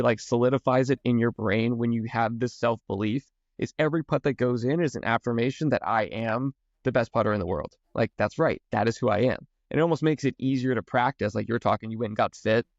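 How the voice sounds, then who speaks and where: A man with a medium-pitched voice hosts a golf podcast and also works as a golf coach, chatting casually and telling stories with enthusiasm while stumbling over repeated words. He talks briskly with few pauses, and the recording is muffled but free of echo.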